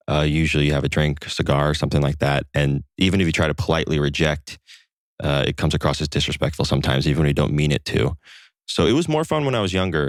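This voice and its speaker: A man talking casually as a podcast guest, telling relaxed stories with lots of fillers. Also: extremely low pitch, no room sound, clean studio sound. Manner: relaxed storyteller with frequent fillers. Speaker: podcast guest, co-founder of a satire site. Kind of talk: casual conversation.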